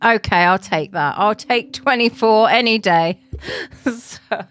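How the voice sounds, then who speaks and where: A woman's voice: mid-range voice, slow, a bit bright, clean tone. A woman in her forties chatting casually to viewers on a live stream, rambling and laughing often. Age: 40s.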